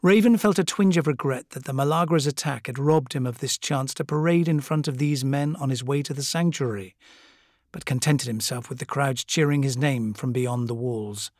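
A man reading a fantasy audiobook in a measured, dramatic storytelling voice. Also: mid-range voice, a little mellow, dry recording, studio quality. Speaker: audiobook narrator. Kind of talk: scripted narration.

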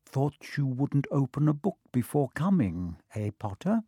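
A man voicing a cold, sneering male potions teacher who speaks slowly, low and cutting. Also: sing-song, dark tone, slightly rough, no room sound, clean studio sound.

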